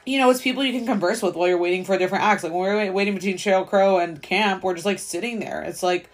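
A woman in her twenties hosting a solo podcast, rambling casually with lots of fillers and swearing. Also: medium pitch. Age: 20s. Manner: rambling, filler-heavy valley-girl talk with frequent swearing; fast, chatty storytelling. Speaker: podcast host.

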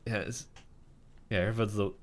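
A man's voice: lowish voice, steady tone, normal speed. A young adult man co-hosting a casual podcast, chatting in loose, rambling asides and laughing often. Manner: laid-back, chuckling, rambling asides. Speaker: podcast co-host. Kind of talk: casual rewatch podcast chat.

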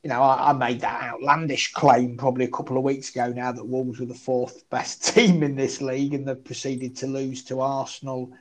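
A man talking through football bets in a relaxed podcast chat. He thinks aloud, circles back on his points and makes fun of his own earlier tips. His voice sits at an average pitch. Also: low-quality recording. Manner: chatty, self-deprecating, thinks aloud. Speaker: football betting tipster. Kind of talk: casual betting podcast chat.

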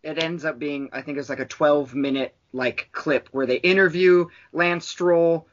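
A man's voice: on the high side, steady tone, measured pace. Rambling, profane podcast guy, lo-fi sound. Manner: rambling, profane, with frequent fillers. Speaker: podcast co-host. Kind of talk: casual chat.

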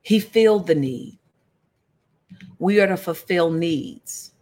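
Unhurried woman Bible teacher, folksy and engaging, calls out to her listeners. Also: fairly low pitch. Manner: lively and conversational, calling out to listeners. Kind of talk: casual sermon-style Bible teaching.

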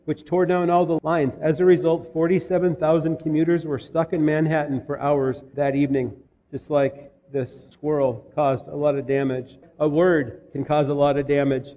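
A man's voice: fairly high pitch, little pitch movement, moderate pace, long reverb tail, narrow, tinny audio. A man from Minnesota preaching a sermon, telling stories in a conversational way. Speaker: pastor.

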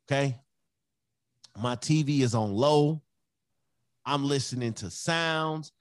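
Man, podcast co-host, casual chat, emphatic, repeats himself, slow delivery, dry close sound. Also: medium pitch, no room sound. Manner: emphatic, repeats phrases, acts out his kids' voices.

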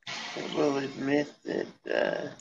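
A man's voice: medium pitch, huge pitch swings, slow pace, gravelly. A man chatting casually and jokily over a call, rambling with playful sing-song asides. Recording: lo-fi call audio with faint noise.

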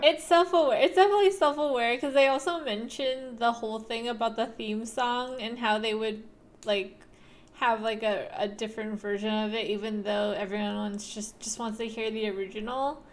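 Young female podcast co-host, chatty, slightly high voice, casual. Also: fairly even intonation, normal speed. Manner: chatty, many fillers, laughs often. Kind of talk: casual chat.

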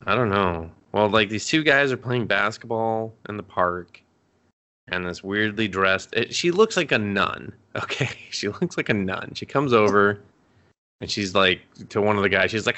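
Podcast guy recapping a show, kinda low voice but bright and forceful, swears a bunch, rambles on. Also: normal speed. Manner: rambling, swears a lot, acts out characters' lines mid-story. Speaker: podcast co-host. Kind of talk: casual chat recapping anime episodes.

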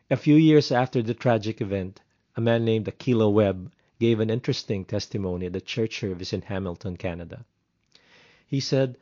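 Guy with a lowish voice doing an earnest sermon-style story, kinda dull lo-fi sound. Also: mellow. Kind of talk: devotional storytelling narration.

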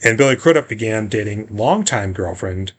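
A man's voice: on the low side, normal speed, breathy edge. A man co-hosting a casual movie podcast, telling gossip and griping about a film in a loose, profane way. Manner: gossipy, profane, animated storytelling. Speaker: podcast co-host. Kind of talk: casual movie-review chat.

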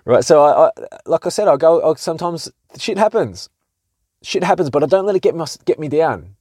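A man's voice: a little high, expressive, fairly quick, darkish tone, dry recording, clean studio sound. A man hosting a casual solo podcast. He speaks candidly, swears freely and often restarts his sentences. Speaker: podcast host.

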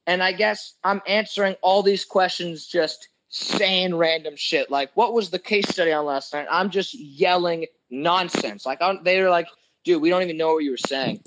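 A man's voice: sits high, moderate pace, fairly bright tone, rough recording. A young man in casual podcast chat, telling a long story with swearing and jokes, acting out his friends' lines. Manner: profane, joking, acts out quoted friends.

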